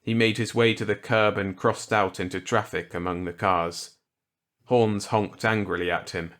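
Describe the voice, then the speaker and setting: A man narrating a grim short story in a measured, deliberate way. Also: fairly low pitch, steady tone, a bit bright. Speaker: audiobook narrator. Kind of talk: scripted narration.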